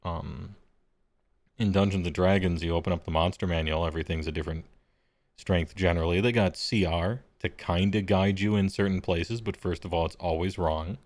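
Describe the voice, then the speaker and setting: Game-master host, male, deep and dry, laid-back and blunt. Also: steady tone, normal speed, darkish tone, no echo. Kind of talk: casual chat on a live stream.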